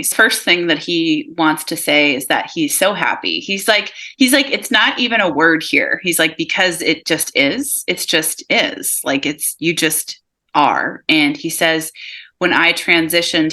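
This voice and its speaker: A woman giving a live mediumship reading over a video call, relaying messages calmly and softly, often laughing between them. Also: deep voice. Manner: relays messages in a calm, soft, slow delivery, with frequent laughs.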